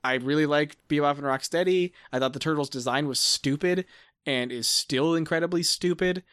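A man in his thirties with a fairly high voice rambles through casual podcast chat, full of restarts, fillers and the odd swear. The mic is close and the sound is dry, with no room echo. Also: moderate pace, fairly bright tone, smooth. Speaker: podcast co-host.

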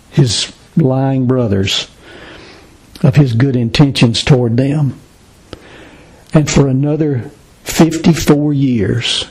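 Husky-voiced man preaching a sermon. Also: mid-range voice, a little mellow, low-quality recording. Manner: expository preaching, reading scripture aloud with emphasis. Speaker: pastor.

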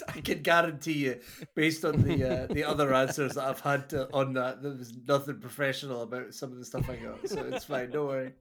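A man's voice: mid-range voice, steady tone, a little fast, a crowd in the background. A man, co-hosting a podcast in casual, laughing banter. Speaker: podcast co-host and home brewer. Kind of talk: casual chat.

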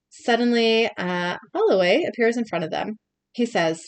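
Recapping an episode on her podcast, a young co-host narrates scenes at a moderate pace in a lowish, expressive voice. She keeps cracking up and stopping partway through, and the recording has no echo.

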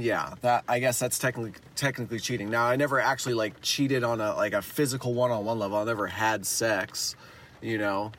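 A man casually telling a personal story, candid and profane, halting with many restarts and dropping low and quiet when he admits fault. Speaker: storyteller recounting his own past.

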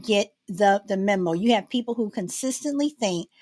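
A woman's voice: mid-range voice, animated, moderate pace, a little mellow. A woman hosting a casual talk show, often restarting and repeating words as she asks questions.

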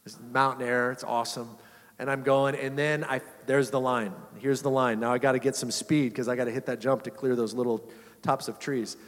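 Animated male pastor in a reverberant church. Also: medium pitch, a little fast. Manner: conversational, animated, chuckling often. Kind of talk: storytelling sermon. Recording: long reverb of a church hall.

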